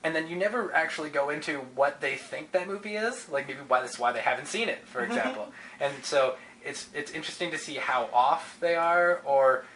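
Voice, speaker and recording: A man's voice: a little high, a little fast, hardly any pauses, fairly bright tone, a little hiss or hum, poor audio. A man, a podcast guest explaining his show in loose, rambling talk full of fillers and restarts. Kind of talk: casual interview chat.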